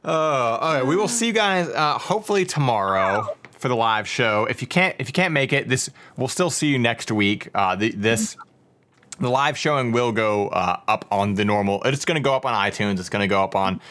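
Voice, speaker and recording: A man's voice: mid-range voice, moderate pace, a little hiss or hum. A man co-hosting a podcast, rambling casually and swearing often. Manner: swears a lot, rambling, animated. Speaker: podcast co-host. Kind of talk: casual chat.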